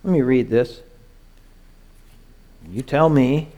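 A man preaching a sermon, moving between hushed, soft lines and raised, urgent pleading. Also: mid-range voice, slow pace. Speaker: pastor.

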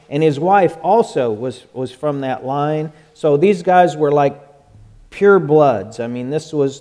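Male pastor, folksy and joking, a slightly higher voice, casual conversational sermon. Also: dark tone. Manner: folksy and joking, with many restarts.

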